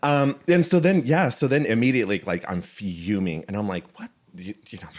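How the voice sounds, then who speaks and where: A man's voice: on the low side, normal speed. Worked-up man retelling a story. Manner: heated, animated retelling with swearing. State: shaky, worked up. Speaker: podcast co-host. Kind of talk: casual chat, storytelling.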